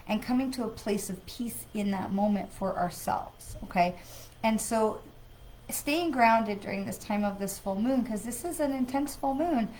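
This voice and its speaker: A psychic medium with a mid-range voice hosts a live card reading in a chatty, conversational way, sighing often, using many filler words and greeting viewers by name. The recording is low quality with slight background noise.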